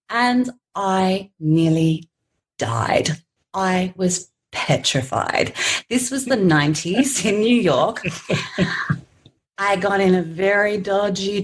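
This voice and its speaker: An Australian woman in her forties, a podcast guest telling a story with frequent laughter and acted-out quotes. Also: fairly low pitch. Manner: animated storyteller, laughs often, acts out quoted voices.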